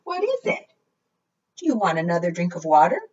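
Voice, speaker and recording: A woman voicing a flustered, put-upon male knight in a read-aloud storybook, with exasperated squeaky exclamations. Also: wildly swooping pitch, a little fast, a little mellow, breathy edge, full character voice. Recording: slightly distant, dull lo-fi sound.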